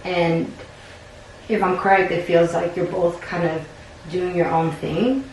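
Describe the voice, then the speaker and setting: A woman counselor in a counseling session, calmly reflecting back what her client says. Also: fairly low pitch, unhurried. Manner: calm, reflective paraphrasing. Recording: very echoey room, distant mic, faint noise.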